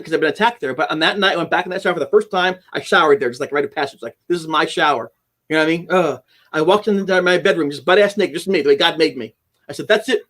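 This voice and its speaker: A middle-aged man with a fairly high voice recounts a personal experience as a podcast guest. He talks quickly and acts out the dialogue, stumbling and restarting as he goes. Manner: animated storyteller who acts out quoted dialogue, with frequent restarts. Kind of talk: personal storytelling in a podcast interview.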